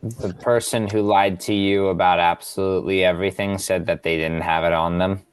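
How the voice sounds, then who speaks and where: A man's voice: low voice, fairly even intonation, moderate pace, clean tone. A man playing a tabletop role-playing game who makes dry, sarcastic remarks to the other players. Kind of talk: tabletop role-play banter.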